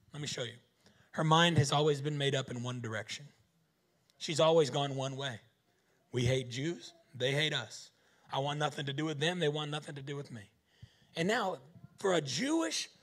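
Animated, husky preacher, voice leaping high. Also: male voice. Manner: animated, joking, rhetorical questions. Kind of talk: sermon.

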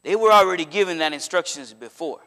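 A man preaching a sermon in a church, in a conversational, animated way that slips into acted quotes. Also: high voice, quick pace. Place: church sanctuary.

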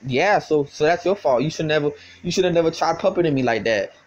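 This young vlogger's voice is fairly high, expressive, and fast, though the audio sounds dull. On a casual phone call he jeers and swears, tripping over stutters and repeating himself often.

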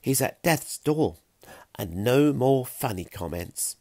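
A man voicing Fiona, a bright and bashful Stone Age girl who speaks softly but briskly. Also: mid-range voice, expressive, dry recording, pitched above the performer's own voice. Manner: soft and warm, briskly practical.

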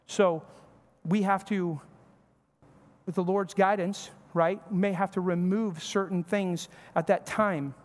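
This pastor's voice sits high, his tone steady and his pace slow, as he delivers a sermon in a church sanctuary. The style is conversational, with brief acted-out snippets of family dialogue, and the hall adds reverb to the recording.

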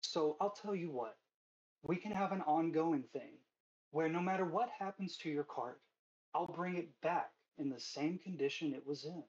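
A man's voice: a little high, moderate pace, darkish tone, lightly acted. A man voicing a smarmy, hunched used cart salesman who whispers deals in a tabletop game. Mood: coaxing. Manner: wheedling, oily persuasion. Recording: dull lo-fi stream mic.

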